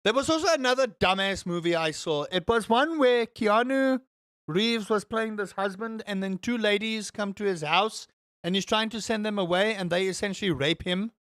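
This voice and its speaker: A young man streaming and chatting casually with his viewers, rambling and animated with exaggerated exclamations. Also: high voice, moderate pace, clear, resonant tone, no echo, studio quality. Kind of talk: casual chat with live chat.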